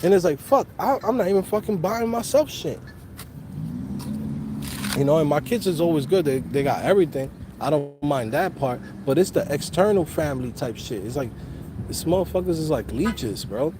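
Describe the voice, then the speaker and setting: A man's voice: fairly high pitch, lively intonation, moderate pace, background noise. A man from the Dominican Republic with a New York accent, hosting a casual livestream in loose, slangy talk full of swearing, recorded on a phone outdoors. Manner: loose, slangy, swears a lot, laughs often. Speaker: host of a coding channel livestream.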